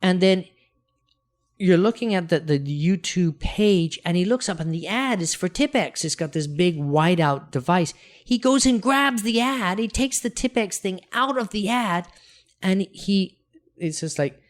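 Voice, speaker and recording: Animated, chatty male podcast co-host. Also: sits high, a little slow. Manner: animated storyteller, acts out quotes, many restarts. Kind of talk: casual podcast chat.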